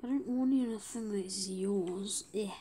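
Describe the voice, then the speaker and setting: A woman giving gameplay commentary, often dropping to a whisper and breaking into excited bursts. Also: medium pitch, a little slow, slight background noise. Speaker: gamer.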